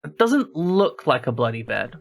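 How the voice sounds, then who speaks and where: A man's voice: mid-range voice, very animated, normal speed, vocal fry. A man streaming a horror game, talking casually through a puzzle and chatting to his viewers as he plays. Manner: thinks aloud while solving a puzzle, chats to viewers. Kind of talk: casual gameplay commentary.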